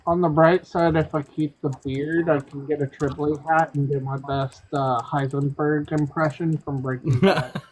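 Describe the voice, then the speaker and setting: Male guest, higher register, wisecracking tone. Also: little pitch movement, normal speed, darkish tone, low-quality recording. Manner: joking. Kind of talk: casual chat.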